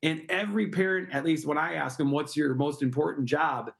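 Middle-aged male guest, slightly high pitch, earnest advocate tone. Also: brisk, creaky, fairly bright tone. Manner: earnest, advocating, rhetorical questions. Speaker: guest, park project founder. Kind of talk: interview answers.

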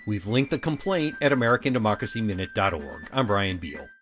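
A man reading a scripted news report in a measured, even delivery. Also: lowish voice. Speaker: news reader.

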